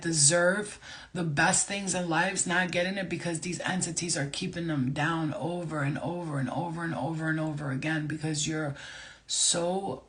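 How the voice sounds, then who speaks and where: A woman's voice: low-pitched, steady tone, normal speed, fairly bright tone. A woman vlogging as a spiritual medium, ranting to camera in a heated, profane, emphatic way with loose, casual phrasing. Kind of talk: unscripted rant to camera.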